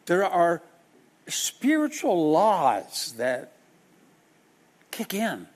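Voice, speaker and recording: Animated preacher man with a lively voice. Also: sits high, very slow. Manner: dramatic, acts out quoted people in shifting voices. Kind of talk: sermon.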